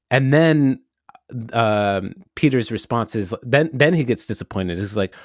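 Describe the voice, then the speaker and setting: A man's voice: medium pitch, animated, measured pace, no room sound, clean studio sound. A man co-hosting a podcast, telling a story in a rambling, casual way and swearing now and then. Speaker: podcast co-host. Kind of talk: casual chat.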